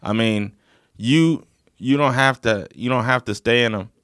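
A man's voice: mid-range voice, unhurried, fairly bright tone, no echo, studio quality. Blunt, profane man talking casually. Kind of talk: casual chat.

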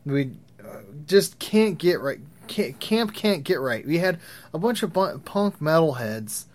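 A man's voice: on the high side, animated, a little slow. Crude rambling man telling stories. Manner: rambling, crude, laughs at his own stories. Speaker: vlogger. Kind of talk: profane storytelling rant.

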